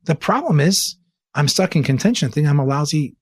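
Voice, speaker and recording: A man from the Bay Area of California, an interview guest telling a personal story in an earnest, animated way and posing rhetorical questions. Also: fairly high pitch, a little fast, husky, no echo. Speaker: interview guest, church leader. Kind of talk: conversational storytelling.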